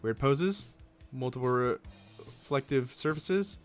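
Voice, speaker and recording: A man's voice: medium pitch, lively intonation, a little slow, faint music behind, lightly acted. A man voicing a wry teenage boy in a story game, listing things in a dry way.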